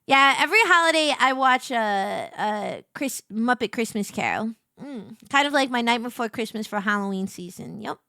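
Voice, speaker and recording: A woman's voice: on the high side, animated, moderate pace, few pauses, no echo, studio quality. A woman streamer chatting casually with her viewers while gaming, bubbly and chatty, greeting people and humming along. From Puerto Rican heritage. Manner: bubbly, greets chat viewers warmly, hums along to music.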